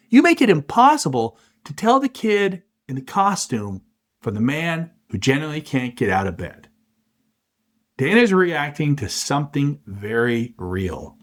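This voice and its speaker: Middle-aged male host, impassioned commentary, lively swooping delivery, emphatic rhetorical beats. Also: on the high side. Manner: emphatic, punchy rhetorical delivery with dramatic pauses. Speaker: podcast host.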